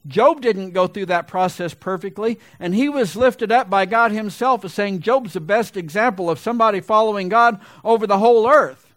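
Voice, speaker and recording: A middle-aged pastor preaching a sermon loudly and with emphasis, his voice a little gravelly and building to big swells. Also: high-pitched, moderate pace, no echo.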